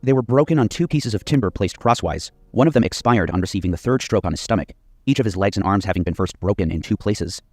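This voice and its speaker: A man reading scripted history documentary narration in a steady, measured way, including quoted accounts. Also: on the low side, dry recording.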